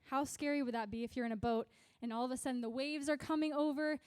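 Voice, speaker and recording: Young woman youth pastor, high voice, dry close sound, casual animated preaching. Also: fast talker, smooth, no room sound. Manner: chatty, animated storytelling with filler "like" and "right?". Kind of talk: youth sermon.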